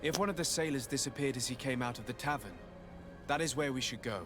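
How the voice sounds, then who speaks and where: An actor playing a composed young male noble envoy in a game, speaking in a measured, questioning way. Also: medium pitch, natural voice. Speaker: player character. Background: faint game music.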